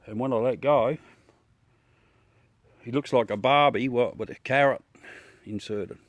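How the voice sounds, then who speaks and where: A man's voice: mid-range voice, unhurried, no room sound. An Australian man hosting a casual live chat with viewers from his backyard at night, swearing freely and laughing often. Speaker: livestream host.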